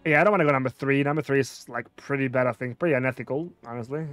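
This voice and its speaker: A man's voice: medium pitch, rapid-fire, a bit bright, no echo, soft background music. A man streaming a video game, casually reading out dialog choices and thinking aloud about what to pick. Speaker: gameplay streamer. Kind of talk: casual let's-play commentary.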